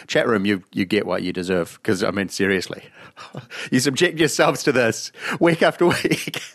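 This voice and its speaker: A man with a lowish, fairly bright voice speaks at normal speed on a dry, clean studio recording. He co-hosts a podcast, casually chatting and meandering through stories with frequent laughs.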